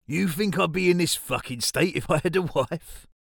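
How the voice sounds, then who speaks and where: Man reads a coarse, bitter drunk, pitched up and loud, audiobook. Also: normal speed, gravelly, dry recording, studio quality.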